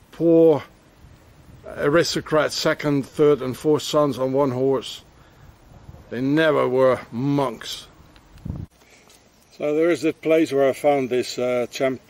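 A man's voice: mid-range voice, a little mellow. A man rambling on a walk-and-talk travel vlog outdoors in a town, with many fillers and restarts. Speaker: travel vlogger.

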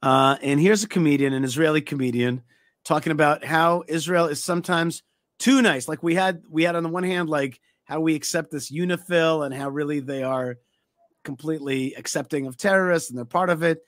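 A man's voice: a little high, brisk, a bit bright, no echo, studio quality. A man hosting a show, introducing a clip and commenting on it in a chatty way with stammers and fillers. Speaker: host. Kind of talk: casual commentary.

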